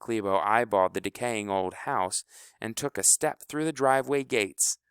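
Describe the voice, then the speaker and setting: A man narrates a storybook in a low, smooth, resonant voice with lively intonation. His reading is measured and expressive, and the sound is dry and close. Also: dry recording. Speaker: audiobook narrator.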